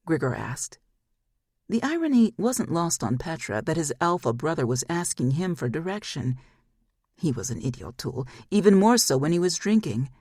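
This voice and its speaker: A woman's voice: low voice, expressive, normal speed, vocal fry, a little mellow, slightly rough, no echo, clean studio sound. A woman narrating a fantasy audiobook in a scripted style, acting out the characters' lines. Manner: acts out each character's lines.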